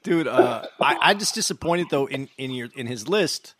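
A man's voice: mid-range voice, lively intonation, moderate pace, noisy background. A man co-hosting a casual podcast, bantering in a laid-back, hesitant way. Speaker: podcast co-host.

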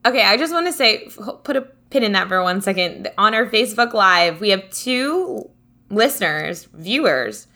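A woman co-hosting a casual podcast, asking lots of questions and reacting quickly. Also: medium pitch, lively intonation, bright, forceful tone. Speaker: podcast co-host. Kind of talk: casual chat.

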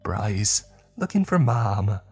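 Brief: male reader doing a high, faraway child-mimic creature, repetitive pleas for help, horror storybook. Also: very animated, slow, a little mellow, slightly rough, soft background music, exaggerated voice. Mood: pleading. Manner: pleading, repetitive, broken calls. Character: unseen creature mimicking a cold lost child.

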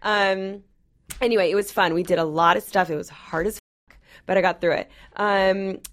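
This woman in her thirties co-hosts a podcast, talking casually and frankly in a medium-pitched, steady voice at normal speed. She swears freely, and her sentences are packed with "um" and "like."

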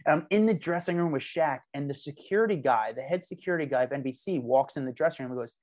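Casting: man, podcast guest, rapid delivery, slightly high voice, lively raconteur. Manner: animated storyteller, acts out quoted lines. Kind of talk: casual podcast chat.

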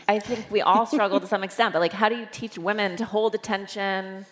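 A woman's voice: medium pitch, fairly even intonation, fairly quick, few pauses. A woman host asking casual, chatty questions in an interview. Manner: chatty, uses "like" a lot. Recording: long hall reverb.

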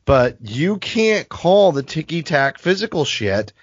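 A man's voice: a little high, big pitch swings, slow, slightly rough, no room sound. A man co-hosting a sports podcast in casual talk, blunt and fired up, cursing freely. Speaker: podcast co-host. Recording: dull dry lo-fi podcast audio.

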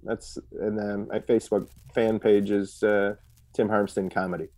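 A comedian guesting on a podcast, speaking haltingly with many fillers. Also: male voice, on the low side, little pitch movement, darkish tone, dry recording. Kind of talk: casual comedy podcast chat.

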